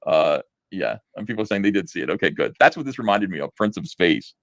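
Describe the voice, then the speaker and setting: A man's voice: low-pitched, very animated, fast, gravelly, fairly bright tone, no echo. A man reviewing a comic book aloud, sarcastic and incredulous, laughing at the writing. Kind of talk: mocking read-through review.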